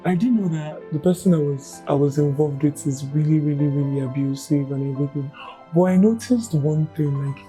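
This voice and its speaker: Chatty Nigerian woman with a mellow low voice. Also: fairly quick, soft background music, poor audio. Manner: chatty and animated, repeats words, mixes in Yoruba and pidgin phrases. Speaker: storyteller recounting her own relationship. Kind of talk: candid personal testimony, casual storytelling.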